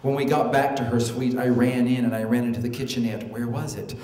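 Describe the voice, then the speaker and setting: A man performing a comic personal story on stage, animated and prone to high excited exclamations. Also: brisk. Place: storytelling show venue. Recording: echoey hall, live stage.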